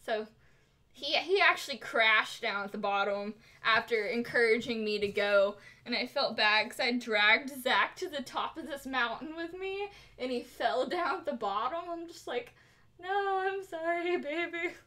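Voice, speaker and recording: Bright, high-voiced young woman streamer. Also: normal speed. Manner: animated, giggly, lots of "like". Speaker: cosplay streamer. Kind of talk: casual storytelling while crafting on stream.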